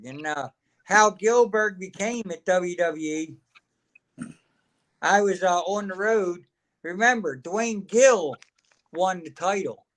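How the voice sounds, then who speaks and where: A man, a wrestling guest at a fan signing, telling casual, rambling anecdotes and laughing as he goes. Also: sits high. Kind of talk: casual storytelling.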